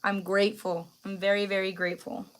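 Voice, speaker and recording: A woman's voice: mid-range voice, little pitch movement, brisk, a bit bright, slight background noise. A young woman hosting a casual live stream, talking to her viewers in a chatty, slangy way and close to tears. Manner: chatty, full of fillers and slang. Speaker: livestream host.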